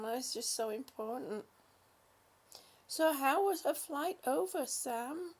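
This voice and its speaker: On a laid-back stream, the host reads out what viewers have written, using endearments like sweetie and honey. She has a high voice and takes her time speaking.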